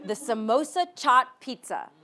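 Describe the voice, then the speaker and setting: A woman hosting a live comedy show on stage, excited and gushing, swearing freely and laughing often. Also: a little high, measured pace. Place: theater stage before a live audience. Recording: live theater with crowd and noise. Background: audience reactions.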